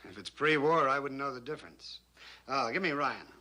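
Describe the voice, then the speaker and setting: Brisk reporter, very bright sharp voice, offhand. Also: male voice, medium pitch, animated, slight background noise. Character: brisk, weary male newspaper reporter. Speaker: newspaper reporter.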